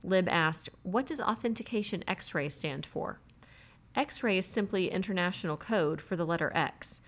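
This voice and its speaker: A woman reading a novel aloud as an audiobook, in an even, measured way, voicing the characters' lines herself. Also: on the low side. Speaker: audiobook reader. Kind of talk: audiobook narration.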